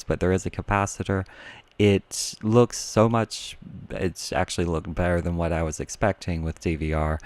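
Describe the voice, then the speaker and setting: Man, deep voice, enthusiastic hobby reviewer, casual, rambling with restarts. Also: a little mellow. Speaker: drone reviewer.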